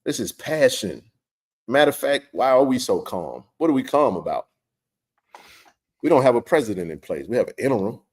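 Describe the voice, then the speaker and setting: A man's voice: medium pitch, very animated, a little fast, a little mellow. A middle-aged man hosting a live sports stream, talking with passionate, blunt, emphatic energy and plenty of slang.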